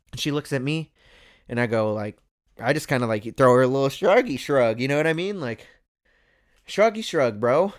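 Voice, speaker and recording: A young man hosting a podcast tells a story in casual chat, animated and laughing often. His mid-range voice runs a little fast.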